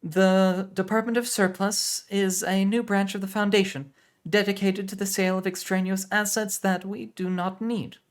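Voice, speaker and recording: A man's voice: on the high side, very animated, slow, hardly any pauses, breathy edge, voice pushed up, full character voice. A man doing a curt young woman.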